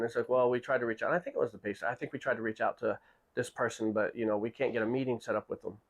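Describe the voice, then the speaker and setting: Animated man telling a story. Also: medium pitch, racing. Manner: animated, acts out quoted people with raised voice; restarts and repeats words often. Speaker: podcast host. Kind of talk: casual storytelling.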